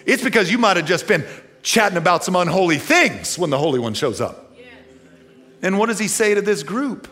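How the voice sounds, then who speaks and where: A middle-aged man preaching a sermon as pastor, animated, moving from hushed passages to near-shouting. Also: sits high, normal speed.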